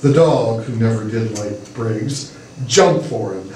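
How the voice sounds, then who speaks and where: A man reading a humorous story aloud with expressive storytelling delivery, performing at a church variety show. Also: lowish voice, slow. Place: church hall with audience. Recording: echoey hall from far off.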